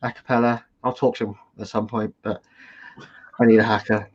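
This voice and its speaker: A man from the United Kingdom chatting on a livestream video call, energetic and quick to banter. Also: lowish voice. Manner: energetic, plugging, laughing banter. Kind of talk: casual livestream chat. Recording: dull lo-fi call audio.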